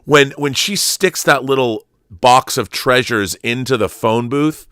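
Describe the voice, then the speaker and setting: A middle-aged man hosts a casual chat on his channel, rambling through heartfelt stories and restarting often. His mid-range voice is unhurried, pushed, bright, and smooth, captured in a dry, studio-quality recording.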